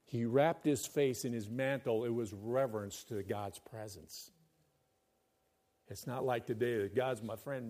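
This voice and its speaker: Preaching with emphasis, a male pastor alternates booming proclamations with soft, personal asides. His voice sits at medium pitch, and he speaks a little slowly.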